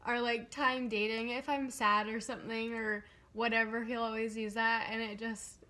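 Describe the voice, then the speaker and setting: Young woman in her 20s, slightly high voice, giggly co-host chiming in. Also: level tone, normal speed, pushed and bright. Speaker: vlogger co-telling the story. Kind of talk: casual storytelling chat.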